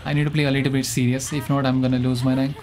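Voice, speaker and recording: A young man streaming a game live, chatting in a rambling, excitable way and often mocking his own mistakes. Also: mid-range voice, racing. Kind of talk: live gameplay commentary.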